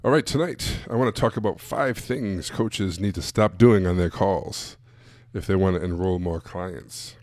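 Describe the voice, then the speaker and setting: A man's voice: sits low, normal speed, a little mellow, no room sound, clean studio sound. A man giving a blunt, casual live-streamed coaching talk to sales coaches, full of emphatic asides.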